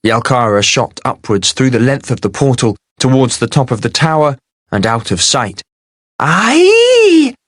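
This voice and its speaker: A man narrating a fantasy novel in a steady, measured audiobook reading. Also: mid-range voice, no echo, studio quality.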